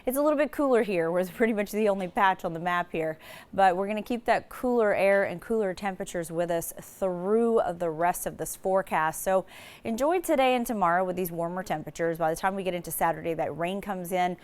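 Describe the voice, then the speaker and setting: Casual low-voiced woman weather forecaster. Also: a little fast, smooth. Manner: casual, many "so" starts and small restarts. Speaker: TV meteorologist.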